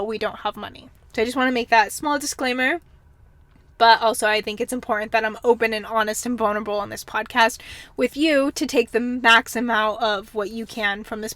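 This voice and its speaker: A woman's voice: a little high, a bit bright, dry recording. A young woman hosting a casual solo podcast, reflecting candidly and chattily, her voice slightly worn as if she is losing it. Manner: chatty, candid, frequent ums and kinda. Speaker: podcast host.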